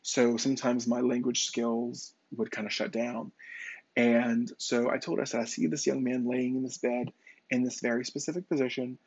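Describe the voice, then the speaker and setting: Husky guy with a gravelly voice, flat delivery, telling his story casually, kinda dull dry recording. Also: mid-range voice, normal speed, dry recording. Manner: conversational, with fillers and restarts. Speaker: psychic medium. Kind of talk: personal storytelling.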